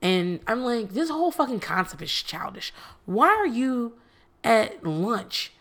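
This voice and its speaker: A woman's voice: fairly high pitch, very animated, measured pace, a bit bright. A woman recapping a reality dating show in casual commentary, sarcastic and profane, with exasperated asides.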